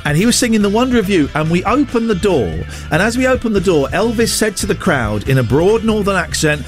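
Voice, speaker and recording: A man hosts a radio show in rambling, jokey chat. His voice sits a little high and swings widely as he riffs. Faint music runs under the talk. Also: a little fast, few pauses. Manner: rambling, jokey, animated storytelling. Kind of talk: casual chat.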